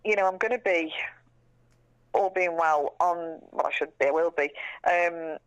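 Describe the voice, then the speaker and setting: A woman's voice: fairly low pitch, a little slow, clean tone, no room sound, lo-fi sound. A woman, chatting frankly and casually as an interview guest, swearing now and then. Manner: chatty, frank, swears casually, repeats words when she restarts.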